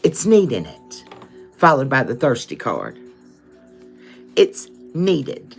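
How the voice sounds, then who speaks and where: A woman's voice: a bass voice, wildly swooping pitch, slow pace, creaky, faint music behind. A woman giving a live-stream tarot reading, addressing her viewers as "collective" and checking in with "okay?" often. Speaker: tarot reader.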